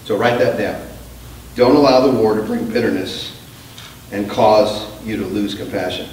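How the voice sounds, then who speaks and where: A man's voice: lowish voice, slight background noise. Man preaching in an echoey sanctuary. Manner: emphatic preaching with call-and-response to the congregation; swings from quiet storytelling to loud, drawn-out emphasis. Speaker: pastor. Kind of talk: sermon. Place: church sanctuary. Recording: echoey church sanctuary, mic at a distance.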